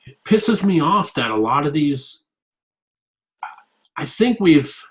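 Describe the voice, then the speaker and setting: A man's voice: on the high side, sing-song, slow pace, rough recording. A man being interviewed about his work as a fitness coach, talking candidly and rambling, often repeating himself. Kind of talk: casual interview talk.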